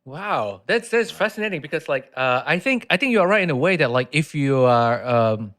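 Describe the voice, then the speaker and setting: A man co-hosting a podcast, talking quickly and nervously with stumbles and restarts. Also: a little high, lively intonation, fairly bright tone. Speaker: podcast co-host. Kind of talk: casual podcast chat.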